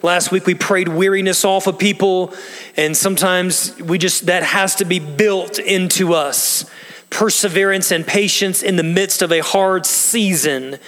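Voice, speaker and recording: A man's voice: high-pitched, steady tone, measured pace, fairly bright tone. A man preaching a sermon as pastor, earnest and emphatic, asking the congregation questions as he explains a passage. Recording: long reverb of a large hall.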